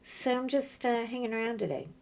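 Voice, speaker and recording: A middle-aged woman, chatting casually about her day while she works on crafts, telling lively stories and acting out what people said. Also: on the high side, a little fast, gravelly. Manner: chatty storyteller, animated, acts out quoted voices. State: sore from a workout. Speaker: crafting vlogger.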